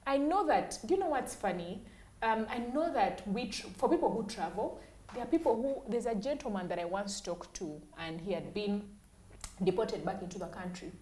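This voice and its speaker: A woman's voice: medium pitch, expressive, normal speed, a little mellow. A woman co-hosting a podcast, giving emphatic advice and repeating her key phrases. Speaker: podcast co-host. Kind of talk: casual chat. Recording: roomy echo.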